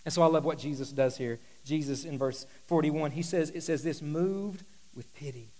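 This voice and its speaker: A man preaching as a pastor, moving between quiet, intimate asides and loud, emphatic declarations. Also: a little high, normal speed, rough recording. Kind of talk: sermon.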